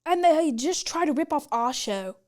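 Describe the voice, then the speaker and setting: A woman acting out a smug, mock-patriotic British gentleman with a put-on British English accent. The voice sits a bit high and stays haughty and self-satisfied. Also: expressive, moderate pace. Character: smug mock-posh British man named William. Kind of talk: comedy sketch.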